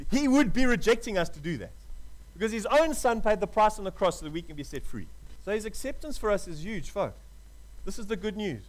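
A man preaching a sermon with passion, dropping to a hush and rising to loud appeals, calling his listeners "folk". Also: high voice, lively intonation, a little fast, low-quality recording. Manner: passionate, swings from hushed to loud.

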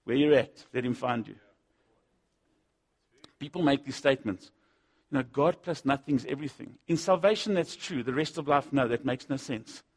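A man preaching a sermon, swinging between loud punchy lines and low asides, acting out the voices he quotes. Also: normal speed. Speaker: pastor.

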